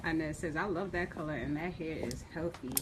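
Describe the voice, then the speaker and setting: A woman reading viewer comments aloud during a live stream, in a slow, matter-of-fact manner. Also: low-pitched. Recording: noisy room, voice a bit off-mic.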